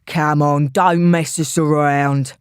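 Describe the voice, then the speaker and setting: A woman voicing a gruff, hoarse male thug with an old-style London accent. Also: low voice, fairly even intonation, slow, dry recording, studio quality, pitched below the performer's own voice.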